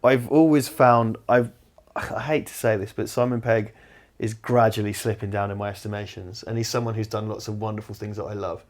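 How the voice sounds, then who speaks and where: A young man co-hosting a casual film commentary, animated and opinionated, swearing freely. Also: lowish voice, fairly quick. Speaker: podcast co-host.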